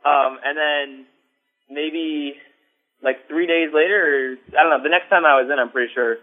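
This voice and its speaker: A man's voice: on the high side, moderate pace. A man telling a story in casual chat, rambling with lots of likes and ums. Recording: phone-like line, faint music.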